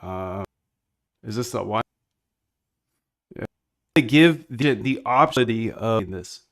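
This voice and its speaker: A man live streaming while he builds software, chatting in a rambling, slangy way and reacting to his chat. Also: fairly low pitch, lively intonation, slow.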